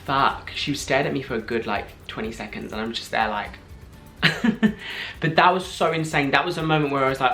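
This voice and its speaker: Young guy, twenties, vlogger, excited storytelling with lots of fillers, mid pitch, faint music behind. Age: 20s. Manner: gushing, fast, filler-heavy with frequent "like".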